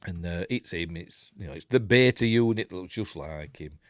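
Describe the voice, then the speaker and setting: A man's voice: deep voice, expressive, moderate pace, no room sound, clean studio sound. Yorkshire man rambling through a film review. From Yorkshire, England. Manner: rambling, chuckling asides, many fillers. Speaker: host of a film review show. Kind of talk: casual film breakdown, chatting with live viewers.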